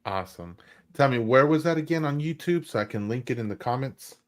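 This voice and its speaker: A man's voice: medium pitch, lively intonation, brisk. A man hosting a podcast livestream, chatting casually with an upbeat, rambling, enthusiastic manner. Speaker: podcast host.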